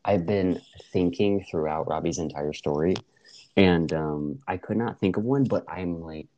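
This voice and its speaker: A man's voice: low-pitched, measured pace, dark tone, highs cut off. A young man co-hosting a podcast, trading joking, teasing banter in casual chat. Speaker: podcast co-host.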